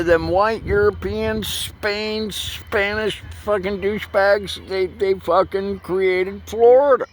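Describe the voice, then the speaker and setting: A man, rambling through a profane, loose vlog monologue that swings between loud bursts and low mutters. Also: slight background noise. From United States. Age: 60s. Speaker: vlogger.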